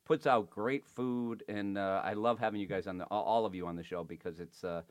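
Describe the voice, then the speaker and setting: A man's voice: on the low side, fairly even intonation, fairly quick. A man hosting a cooking show, chatting and joking with a guest and reading sponsor spots. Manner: chatty, joking, repeats phone numbers. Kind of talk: casual chat and ad read.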